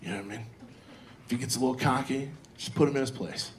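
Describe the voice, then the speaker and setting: A man's voice: medium pitch, quick pace, slight background noise. A man in his forties doing a crude, loose stand-up set, chatting with the audience from a comedy club stage on a handheld mic. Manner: crude, loose, crowd-working.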